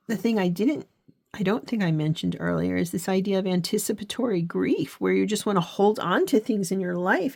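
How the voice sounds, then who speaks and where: A woman's voice: on the low side, vocal fry. A middle-aged woman hosting a faith and journaling channel, talking to camera in an earnest, frank way with frequent restarts. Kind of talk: casual talk to camera.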